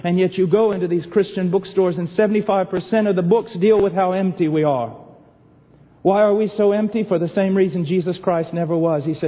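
Male preacher with a high voice, fiery sermon delivery from hush to shout, tinny recording in an echoing hall. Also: fairly quick. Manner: impassioned, swinging from hushed to shouting.

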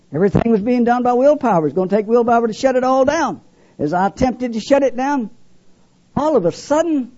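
An older man preaching his testimony dramatically, with a husky voice, alternating loud emphasis and hushed low lines. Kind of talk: sermon testimony. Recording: dull lo-fi recording.

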